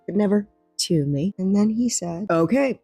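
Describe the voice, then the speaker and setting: A young woman telling personal stories in a soft-spoken, wry ASMR storytelling style. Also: medium pitch, moderate pace, husky, dry recording, soft background music, low-quality recording.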